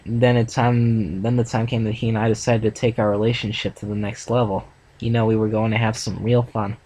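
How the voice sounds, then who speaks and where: A man voicing an earnest, heartbroken female farm pony, reading her lines gently in a plain voice. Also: fairly low pitch, natural voice, low-quality recording.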